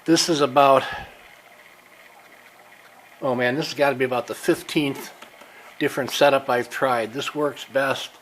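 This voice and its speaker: A man's voice: mid-range voice, slight background noise, rough recording. Older man, winded, workshop talk. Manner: relaxed, halting with frequent fillers. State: a little out of breath. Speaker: workshop vlogger. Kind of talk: casual workshop show-and-tell. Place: home workshop.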